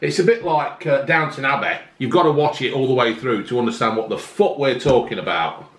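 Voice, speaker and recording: English male host, blunt and sweary, animated delivery, roomy sound. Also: medium pitch, brisk. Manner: blunt, sweary, laughing banter. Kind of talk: casual food review chat. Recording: echoey room with faint noise.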